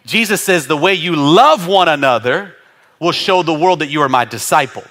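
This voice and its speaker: A male pastor preaching a sermon, animated and often laughing as he acts out congregants' voices. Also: a little high, normal speed.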